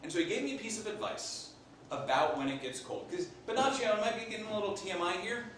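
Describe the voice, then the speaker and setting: Animated guy doing an improv monologue, highish voice all over the place, far off in an echoey room. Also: fast talker, a little hiss or hum. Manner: animated storyteller playing a Renaissance papal scribe. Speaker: improv performer. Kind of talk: in-character comic monologue. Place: live theater stage.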